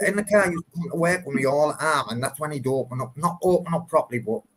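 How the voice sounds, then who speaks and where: A man's voice: on the high side, quick pace, fairly bright tone, a little hiss or hum. A man, bluntly and animatedly telling stories in a casual chat, swearing often.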